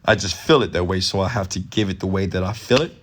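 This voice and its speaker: Passionate low-voiced man streaming from bed. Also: quick pace, a bit bright. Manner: passionate, raises his voice often; loose, rambling, off the cuff. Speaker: entrepreneur and mentor, stream host. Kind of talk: late-night live Q&A, motivational rant. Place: lying in bed at home at night.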